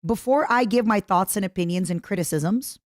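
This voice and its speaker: A woman's voice: mid-range voice, fairly quick, no echo, clean studio sound. A woman streamer chatting casually as she reacts to a video, rambling and plugging merch.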